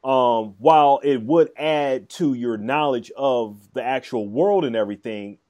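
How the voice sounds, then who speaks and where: A man's voice: mid-range voice, measured pace, a little mellow. A man co-hosting a podcast in casual chat, talking hesitantly with many fillers and restarts. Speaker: podcast co-host.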